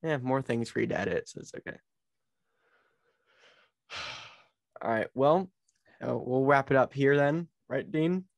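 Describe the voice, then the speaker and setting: Brief: male podcast co-host, gravelly fry in the voice, dry close sound, relaxed and agreeable. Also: mid-range voice, a little slow, pauses often, dry recording. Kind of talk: casual chat.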